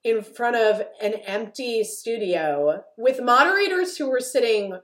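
A woman hosting a podcast in casual chat, animated and swearing in mock outrage. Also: on the high side, unhurried. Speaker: podcast host.

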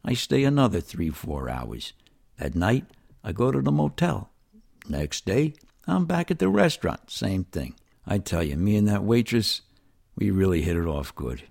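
Older new york guy telling a story, real low gravelly voice, chatty and lively, swings up and down a lot. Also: moderate pace. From New York City. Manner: animated, folksy and conversational. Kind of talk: storytelling narration.

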